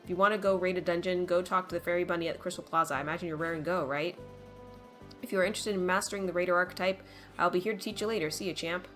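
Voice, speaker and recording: A woman voicing a boastful raider master in a video game, breezy and brisk. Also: fairly low pitch, steady tone, fairly bright tone, soft background music, natural voice. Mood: brash.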